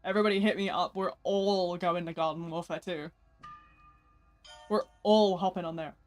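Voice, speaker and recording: Sleepy yawny streamer rambling in slang to chat while gaming, mid pitch. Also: steady tone, moderate pace, soft background music. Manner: slangy, rambling, self-mocking. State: sleepy and yawning. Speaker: gaming livestreamer. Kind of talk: casual livestream chat while playing.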